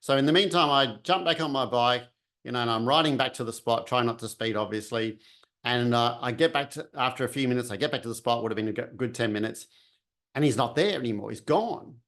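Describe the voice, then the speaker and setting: Aussie guy telling a story, chatty, acts out the voices and sounds, middle pitch. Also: fairly quick, fairly bright tone. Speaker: vlogger telling a personal story. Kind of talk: casual storytelling.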